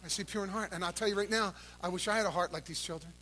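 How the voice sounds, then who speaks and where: A man preaching a sermon, his voice pitched high and ringing bright. He swings between shouted calls to the congregation and low, intense stretches of talk, all delivered from the pulpit of a church service. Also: fairly even intonation, rapid-fire, slight background noise. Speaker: pastor.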